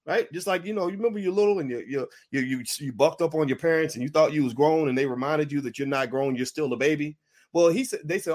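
A middle-aged man hosting a podcast, giving a mocking, animated commentary monologue, at times breaking into a high wailing baby voice. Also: quick pace. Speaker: podcast host.

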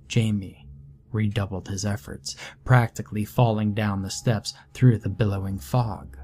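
A man narrating a scripted horror story in a measured, deliberate way. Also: on the low side, dark tone.

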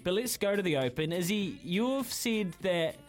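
Kiwi sport co-host, high voice, brisk and teasing, faint music underneath. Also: male voice, sing-song. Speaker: radio co-host, sport segment. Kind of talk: radio sport banter.

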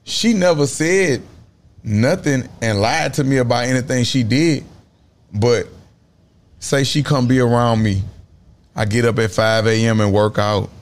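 A man with a Louisiana accent, a guest in a casual interview, talking in slow, emphatic stories full of Southern slang. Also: mid-range voice.

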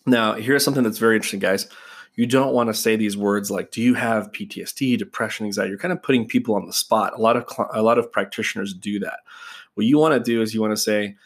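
A man's voice: lowish voice, fast. A man teaching other practitioners in a casual, conversational way, talking straight to his listeners. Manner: conversational, addresses listeners as "guys", acts out client exchanges. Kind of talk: casual instructional talk.

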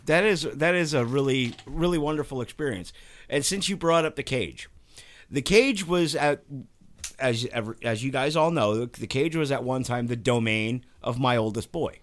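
A man hosting a casual group chat, telling stories in an animated way and laughing often. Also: mid-range voice, normal speed. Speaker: podcast host, haunted house owner.

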